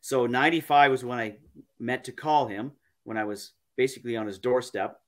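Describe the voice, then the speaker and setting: A man, a podcast guest, telling a story in a halting, casual way, repeating words and using many fillers. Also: medium pitch, steady tone.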